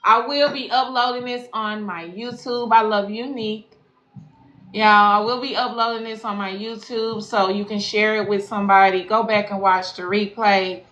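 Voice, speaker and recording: A woman's voice: mid-range voice, fairly even intonation, normal speed, a bit bright. Slangy woman coach in an echoey room. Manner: slangy, affirming and profane, repeats phrases for emphasis. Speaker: spiritual life coach and intuitive reader. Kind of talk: live-stream sign-off to followers. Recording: echoey room with faint background noise.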